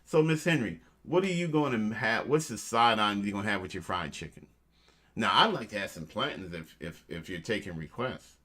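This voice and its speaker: A man's voice: on the low side, expressive, a little fast, fairly bright tone. A man hosting a casual show, joking around and giving motivational tips, calling his listeners family. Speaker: host.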